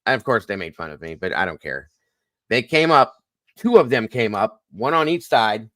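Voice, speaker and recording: Lively man hosting a live stream chat. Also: lowish voice, moderate pace, dry recording. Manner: animated storytelling, swears lightly.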